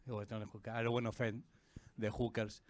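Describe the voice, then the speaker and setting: A man from Argentina with an Argentine Spanish accent performing a stand-up comedy set on a club stage, animated and breaking into shrieking high silly voices. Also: fast.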